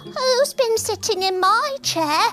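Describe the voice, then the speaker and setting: Baby bear cub, high and squeaky, plaintive; woman doing the voice. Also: lively intonation, slow pace, sharp tone, soft background music, full character voice. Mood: upset. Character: tiny young male bear cub, squeaky and upset.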